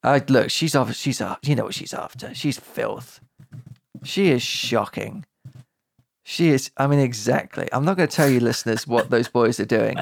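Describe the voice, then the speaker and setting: A man's voice: medium pitch, moderate pace, gravelly, dry recording. A man co-hosting a podcast, chatting playfully and mock-sternly. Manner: playful, mock-stern, quotes lines in put-on voices. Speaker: podcast co-host. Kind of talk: casual banter.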